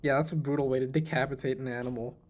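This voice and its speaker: Host, 20s, mid-pitched. Curious, casual, quick to laugh. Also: steady tone, darkish tone, a little hiss or hum. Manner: curious, asks many questions, laughs often. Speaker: podcast host. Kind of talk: casual chat.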